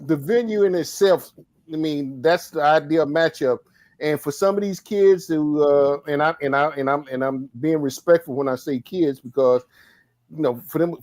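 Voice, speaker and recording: A man's voice: fairly high pitch, darkish tone, no echo. A man speaking as a panelist on a sports talk show, rambling and joking loosely as he talks. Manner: rambling, restarts sentences, jokey. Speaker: podcast panelist.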